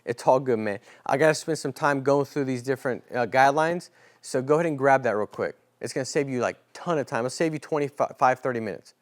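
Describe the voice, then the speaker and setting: A man teaching a sales training class in a casual, animated way, often acting out talks with clients. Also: mid-range voice, brisk. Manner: casual, animated coaching with role-played client dialogue.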